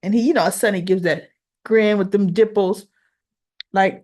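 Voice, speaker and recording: A woman's voice: mid-range voice, moderate pace, darkish tone. A woman hosting a soap opera recap, casually retelling scenes and quoting characters in her own voice. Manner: chatty, quotes characters in her own voice, laughs.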